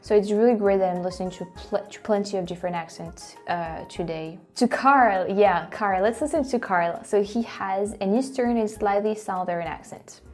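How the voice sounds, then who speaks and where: A French woman hosting and reacting aloud, animated and quick to exclaim and laugh. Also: medium pitch, faint music behind. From France. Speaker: host. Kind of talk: casual reaction commentary.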